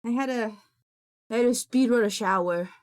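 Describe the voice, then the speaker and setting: A woman's voice: a little high, normal speed. A woman streamer in casual live-stream chat, rambling and greeting her viewers by name. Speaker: VTuber streamer.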